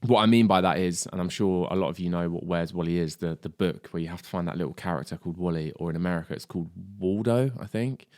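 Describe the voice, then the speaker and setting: Male drum tutor, lowish voice, dry close sound, chatty and sweary, keeps checking in with the viewer. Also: quick pace, hardly any pauses, a little mellow, no echo. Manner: chatty, swears, says "mate" and "do you know what I mean". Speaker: drum teacher. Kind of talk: casual video lesson.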